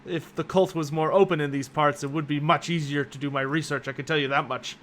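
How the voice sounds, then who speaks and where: A man's voice: a little high, fairly even intonation, a little fast, a bit bright, a little hiss or hum, lightly acted. A man voicing a genial, talkative scholarly nobleman in a tabletop game, speaking politely with a chuckle.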